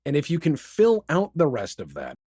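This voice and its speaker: A man guest on a podcast, talking casually and firing off rhetorical questions in a lively way. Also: on the high side, husky, dry recording, clean studio sound. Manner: animated, rapid-fire rhetorical questions. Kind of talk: casual interview chat.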